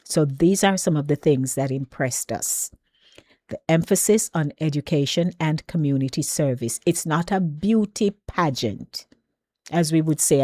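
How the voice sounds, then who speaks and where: A woman's voice: sits low, dark tone, no room sound, studio quality. Chatty Jamaican woman hosting radio. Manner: chatty and emphatic, with drawn-out stresses. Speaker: radio talk show host. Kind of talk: casual call-in radio chat.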